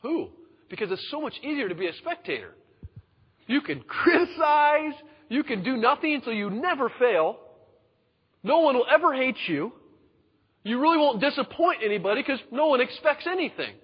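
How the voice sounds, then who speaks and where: With a very high, husky voice full of big pitch swings, this pastor speaks at a moderate pace in a conversational sermon, acting out the people he quotes. Dull sound reverberates through a hall.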